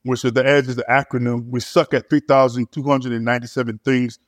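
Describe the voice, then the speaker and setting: A man, a pastor, telling his story in casual conversation, halting with many repeated words and fillers. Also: mid-range voice, little pitch movement, no room sound. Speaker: pastor and church planter.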